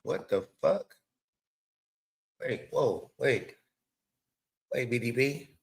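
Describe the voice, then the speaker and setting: A man hosting a show, giving loose, excitable live reaction commentary with lots of swearing and laughing asides. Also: mid-range voice, drawn-out words, creaky. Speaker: show host.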